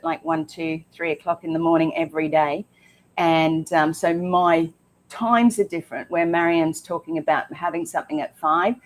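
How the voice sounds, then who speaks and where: A woman co-hosting a casual health talk show, chatty and emphatic with frequent ums. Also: fairly low pitch. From Australia.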